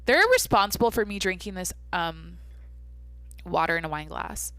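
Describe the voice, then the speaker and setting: A woman's voice: fairly low pitch, moderate pace, a bit bright, clean tone, no echo. Rambling woman on a dry podcast mic. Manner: rambling, swears casually, talks to herself. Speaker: podcast host. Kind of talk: casual solo podcast chat.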